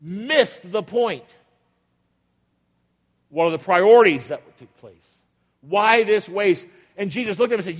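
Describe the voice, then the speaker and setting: A male pastor preaching an emphatic sermon, with dramatic pauses and repetition, often acting out the voices of people in the story. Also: high voice. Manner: acts out quoted voices of biblical figures. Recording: long hall reverb.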